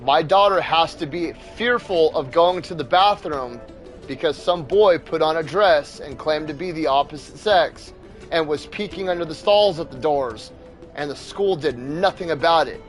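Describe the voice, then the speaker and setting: A man's voice: a little high, normal speed, soft background music. A young man and father hosting a gaming video, ranting in a heated, profane, blunt way. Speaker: gaming channel host. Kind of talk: ranting commentary over gameplay.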